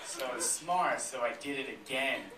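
A man performing a stand-up comedy set on a theater stage, telling deadpan stories with sudden loud punchlines while the audience laughs. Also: medium pitch, normal speed. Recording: roomy, distant, noisy live club recording.

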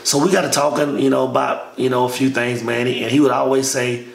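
A man's voice: mid-range voice, brisk, vocal fry. A man telling a long personal story in a casual, slangy way, calling the listener "man" again and again. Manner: relaxed, says "man" constantly, slangy. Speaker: storyteller recounting army training. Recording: echoey room with faint noise.

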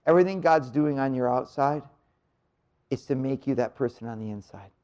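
A priest giving a live marriage retreat talk in a church room, conversational and energetic, shifting from quick punchy lines to slow quiet emphasis. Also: male voice, mid-range voice. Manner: energetic, conversational preacher with sudden drops to quiet. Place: church room near the Blessed Sacrament.

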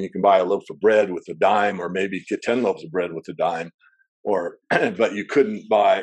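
A man as an interview guest, a metals analyst, explaining at length in a discursive way with frequent throat clearing. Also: on the low side, a little mellow. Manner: discursive, wanders into asides.

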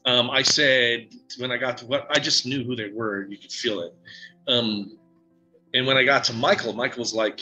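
A man with a very bright, forward voice tells his story in a halting, emotional way, full of fillers and restarts. Faint music plays underneath him. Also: mid-range voice, fairly even intonation, dull audio. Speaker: psychic medium guest. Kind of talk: casual interview storytelling.

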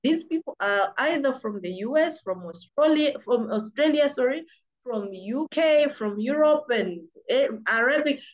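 A woman's voice: high-pitched, animated, a little slow, lo-fi sound. A woman from Malawi with a British-sounding accent, giving emphatic, insistent freelancing advice as a vlogger who repeats words for stress. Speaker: freelancing coach. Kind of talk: motivational advice talk.

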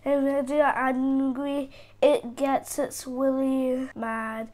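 A woman's voice: high voice, flat delivery, takes it slowly, a little mellow. A woman giving casual gameplay commentary, chattering to herself, easily startled and repeating phrases over and over. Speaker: gaming channel host.

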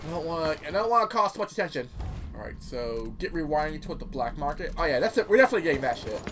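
A teenage man giving casual, rambling let's-play commentary, excitable and quick to swear. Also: on the high side. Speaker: gameplay commentator. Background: game music.

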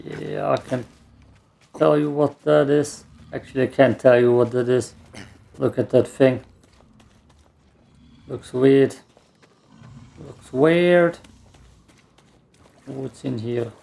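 Slow, gravelly German-accented gamer. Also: male voice, mid-range voice, dark tone. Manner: rambling, self-mocking, mutters and curses at the game. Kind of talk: let's play commentary.

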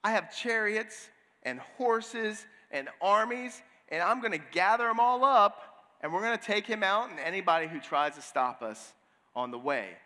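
A man's voice: sits high, lively intonation, pushed and bright, exaggerated voice. A preacher acting as a boastful warrior king. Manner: boastful, emphatic, drawn-out phrasing. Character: proud angry ancient male warrior king. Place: church sanctuary. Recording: long hall reverb.

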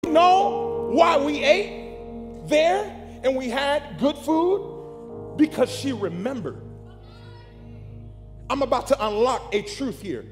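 High-voiced man preaching in an echoey hall. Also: takes it slowly, pauses often, faint music behind. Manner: animated preaching, calls to the congregation. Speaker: pastor. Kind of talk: sermon.

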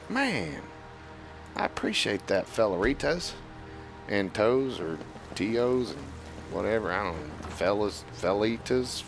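A man's voice: on the low side, sing-song, slow pace, vocal fry. A man streaming a video game, rambling and joking in casual commentary and talking back to the characters on screen. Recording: game music playing under the voice.

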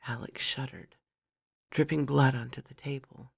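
A woman narrating a first-person fantasy story in a measured, dramatic storytelling manner. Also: a bass voice, fairly even intonation, vocal fry, slightly rough, dry recording, clean studio sound.

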